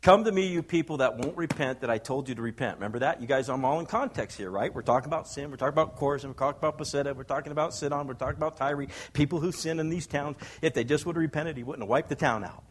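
An older man, a pastor, preaching a sermon with animated storytelling and acted-out quotes. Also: on the high side, very fast, hardly any pauses, a little hiss or hum.

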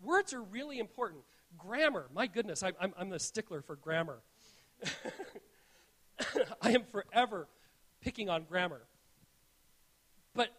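A man's voice: sits high, fairly bright tone. A man preaching to his church, telling stories in an earnest tone and often restarting his sentences as he goes. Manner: earnest, storytelling, frequent restarts. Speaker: pastor. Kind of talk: sermon.

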